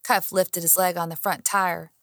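A woman reading a first-person audiobook in an expressive way, acting out her own heated lines. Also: lowish voice, normal speed. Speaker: audiobook narrator.

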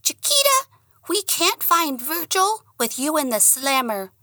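Woman doing a squeaky, excitable little talking dog. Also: a little slow, no echo, studio quality, full character voice. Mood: pleading. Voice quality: squeaky high voice. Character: small talking male pet dog, excitable.

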